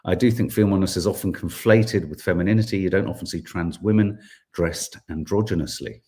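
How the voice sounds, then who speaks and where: A man's voice: low-pitched, fairly quick, dark tone. A British man hosting a podcast, chatting wryly and reading out viewer comments, getting worked up at times. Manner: chatty, wry, gets worked up, frequent fillers. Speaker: podcast host.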